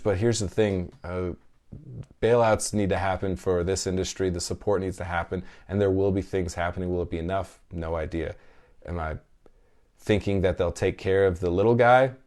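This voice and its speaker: A man in his thirties hosts a podcast, speaking in a low voice with a darkish tone. He reads listener comments during a casual live chat, talking candidly and emotionally and swearing freely.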